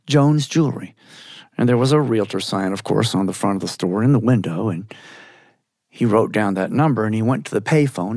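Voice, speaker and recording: A man from Georgia, telling a story in an animated way with chuckling asides. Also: medium pitch, no echo, studio quality. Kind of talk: storytelling performance.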